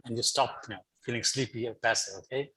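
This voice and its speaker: A middle-aged man speaking over a video call as a guest speaker, coaxing his audience through a lively online session and often repeating words as he gets going. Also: mid-range voice, fast, slight background noise, poor audio. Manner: animated, coaxing, repeats words when starting. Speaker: guest speaker for teacher training. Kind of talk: online lecture leading laughter exercises.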